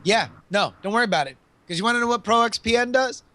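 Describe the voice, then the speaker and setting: A man's voice: very high-pitched, expressive, quick pace, pushed and bright. A man co-hosting a comedy podcast, reading a sponsor ad in a goofy way and slipping into silly voices. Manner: goofy, puts on voices mid-read. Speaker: co-host reading an ad. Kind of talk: comedic ad read.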